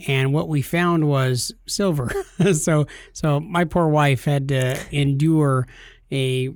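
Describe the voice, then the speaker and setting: A man's voice: on the high side, steady tone, slow, no echo, clean studio sound. A man co-hosting a casual podcast, telling stories and cracking jokes. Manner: joking storyteller, puts on silly voices. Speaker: podcast co-host.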